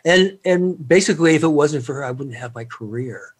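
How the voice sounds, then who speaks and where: Chatty man telling stories, slightly high voice. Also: animated, brisk, breathy edge. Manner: rambling, chatty, with many fillers and laughs. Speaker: guest. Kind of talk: casual storytelling interview.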